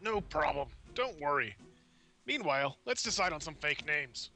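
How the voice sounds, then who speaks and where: A man's voice: a little high, expressive, moderate pace, sharp tone. A man voicing a loyal male rebel fighter from a video game, reading the lines in a plain, earnest way. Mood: determined. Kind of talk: reading game dialogue aloud.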